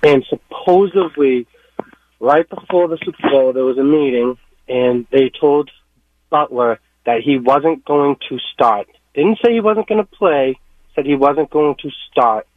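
Man, radio caller, phone-line sound, mid pitch, hesitant telling. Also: unhurried, no room sound. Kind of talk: call-in radio.

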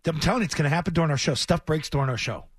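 A man's voice: on the high side, racing, husky, no room sound. A man co-hosting sports talk radio, joking playfully and laughing between stories.

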